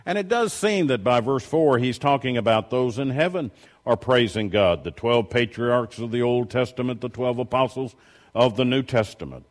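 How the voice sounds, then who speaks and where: A middle-aged man preaching a sermon, telling stories in a low voice and then rising loudly as he reads and exhorts. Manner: shifts from quiet storytelling to loud preaching.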